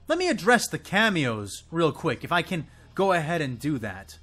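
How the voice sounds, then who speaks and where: Barely pausing, a man talks a little fast in a sing-song, slightly bright voice as he rants to camera about a show, with faint music behind him. He swears, sputters and sounds thoroughly exasperated, his voice high and swooping.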